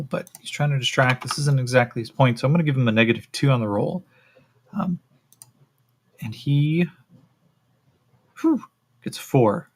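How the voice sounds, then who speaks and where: Husky man thinking aloud over a solo game. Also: mid-range voice. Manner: thinking aloud, relaxed, many fillers, swearing. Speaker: solo game master and player. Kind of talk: solo tabletop role-playing stream.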